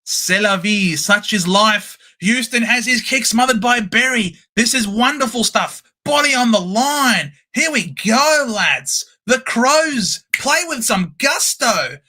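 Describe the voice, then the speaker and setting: A man hosting a live-stream football watchalong, calling the play with animated cheers and banter. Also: very high-pitched, slow, hardly any pauses. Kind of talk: excited live sports commentary.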